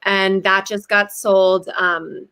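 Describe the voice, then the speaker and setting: A woman's voice: medium pitch, level tone, takes it slowly, sharp tone, clean tone. A woman actress talking on a video call, upbeat and eager about her upcoming projects. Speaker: actress guest. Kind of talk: casual video call chat.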